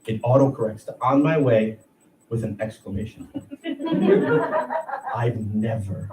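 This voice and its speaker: A man in his thirties doing a profane, animated stand-up set on a comedy club stage. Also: on the low side, measured pace. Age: 30s. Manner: profane, animated, acts out voices. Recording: echoey room, heard from a distance. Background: audience laughter and room noise.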